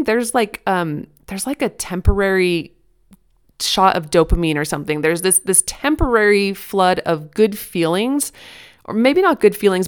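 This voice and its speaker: A woman in her thirties talks through parenting advice in a casual, earnest way. Her voice is smooth and clear, and her mid-range pitch sits neither high nor low. She often starts over and circles back as she thinks aloud. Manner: earnest, chatty, many restarts and fillers. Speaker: parenting podcast host.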